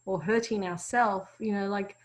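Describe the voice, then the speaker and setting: A woman's voice: medium pitch, steady tone, moderate pace, low-quality recording. Woman, parenting coach, chatty, anecdotal, laughs between points. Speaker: parenting course co-teacher. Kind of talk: teaching a parenting class.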